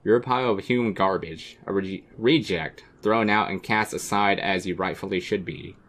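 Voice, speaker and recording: A man's voice: deep voice, moderate pace, a bit bright. A man voicing a cruel, contemptuous young woman on a blind date, reading game dialogue aloud in a cold, relentless way. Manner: cold, cutting, relentless insults.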